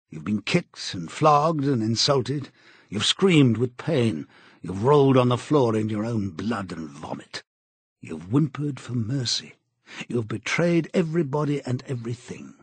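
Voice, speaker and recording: A man voicing a cold, menacing male interrogator in an audiobook, speaking in a measured, contemptuous way. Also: medium pitch, husky, no echo. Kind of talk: audiobook character reading.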